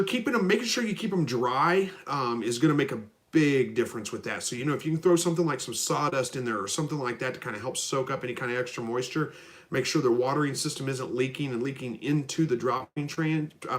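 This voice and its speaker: Guy with a stuffed-up nose, rambling live stream chat, laid back, chuckles a lot. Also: medium pitch. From Southwest Missouri. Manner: easygoing, rambling, chuckles often. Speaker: livestream host. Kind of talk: casual live chat answering viewers.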